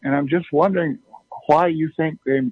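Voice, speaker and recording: A man's voice: on the high side, steady tone, moderate pace, slightly rough, no room sound. A courteous man calls in to a radio program to ask a Bible question. His voice comes through a tinny, narrow phone line, dry and close. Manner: polite, courteous. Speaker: caller. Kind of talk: calling in with a question.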